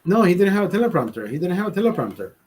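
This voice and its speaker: A man with a husky, slightly high voice rants to his livestream audience. He swears freely, stresses his points hard and circles back over his own words. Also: big pitch swings, very fast, darkish tone. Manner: profane, emphatic, repeats and restarts. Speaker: livestream host. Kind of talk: casual live storytelling rant.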